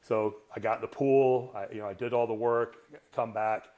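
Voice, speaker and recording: Man, 60s, podcast guest, cussing freely, blunt, wry humor, mid-pitched voice. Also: steady tone, normal speed, darkish tone. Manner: blunt and profane; earthy, self-mocking humor. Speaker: strength coach, podcast guest. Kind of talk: candid conversational storytelling.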